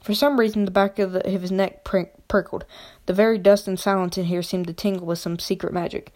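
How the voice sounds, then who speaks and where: A woman's voice: mid-range voice, little pitch movement, a little fast, a little mellow. A woman reading a novel chapter aloud in an unpolished way, with frequent slips and restarts. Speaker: reader.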